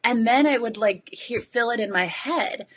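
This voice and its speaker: A young adult woman, out of breath, talking to her followers in an excited, rambling way about coaching clients. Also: fairly high pitch, moderate pace. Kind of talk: live video chat to followers.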